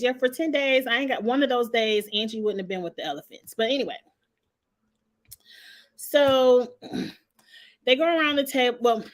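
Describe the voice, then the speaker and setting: A woman's voice: on the high side, a bit bright. A woman, hosting a casual reality TV recap and gossiping with sass. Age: 40s. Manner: gossipy, sassy, talks straight to the people she discusses.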